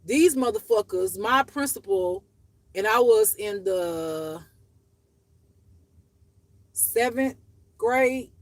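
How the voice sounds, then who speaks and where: Raw, gravelly-voiced woman telling her story. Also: a little high, animated, takes it slowly, long pauses, dry recording, low-quality recording. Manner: raw, profane, emotional, rambling. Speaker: spiritual life teacher. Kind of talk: casual personal storytelling.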